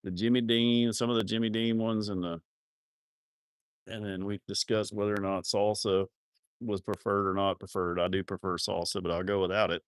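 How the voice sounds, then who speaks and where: A man's voice: lowish voice, flat delivery, normal speed, clean tone, no echo, clean studio sound. Joking man hosting a farm livestream. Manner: rambling, joking and self-mocking, with crude words. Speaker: livestream host of a cattle farm channel. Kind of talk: casual live-stream chat reading viewer comments.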